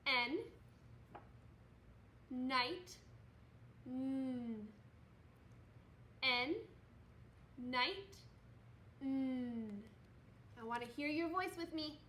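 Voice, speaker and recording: A woman teaching second grade, speaking slowly and clearly with encouraging praise as she leads young children through a reading lesson. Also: high voice, bright, forceful tone, slight background noise. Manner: slow, clearly enunciated, encouraging teacher talk. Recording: roomy, echoey room.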